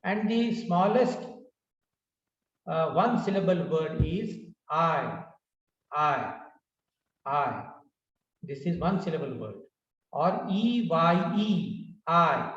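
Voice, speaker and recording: A man's voice: on the high side, animated, takes it slowly, long pauses, a bit bright. A man with an Indian English accent teaching a pronunciation lesson, repeating each word several times to drill it. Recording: roomy, distant, dull lo-fi sound.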